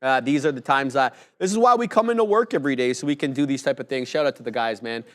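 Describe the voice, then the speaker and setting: A young man co-hosting a live stream, laid-back and joking, giving enthusiastic shout-outs. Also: mid-range voice, fast talker. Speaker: co-host.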